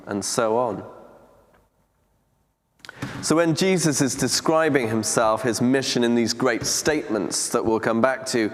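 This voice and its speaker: A man preaching a teaching talk on scripture in a church, speaking in a measured, deliberate way with reflective pauses. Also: mid-range voice. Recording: long church reverb.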